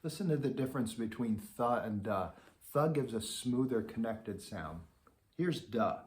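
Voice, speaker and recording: Speaking at a moderate pace with lively intonation, a middle-aged trombone teacher with a medium-pitched, darkish voice instructs a beginner. He patiently voices each articulation syllable to demonstrate.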